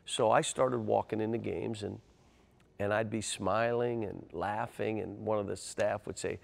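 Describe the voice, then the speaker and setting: An older man, a basketball coach, telling animated stories in an interview and getting loud and excitable. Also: lowish voice, measured pace, vocal fry. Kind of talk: interview storytelling.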